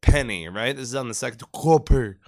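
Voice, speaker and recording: A man in his thirties tells crude, joking service stories in a loose, profane podcast chat. His voice sits at an ordinary middle pitch, and he now and then slips into mimicking the people in his stories. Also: animated, moderate pace, bright, forceful tone. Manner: profane, joking storyteller who mimics accents. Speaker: podcast co-host, Marine veteran. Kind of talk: casual chat.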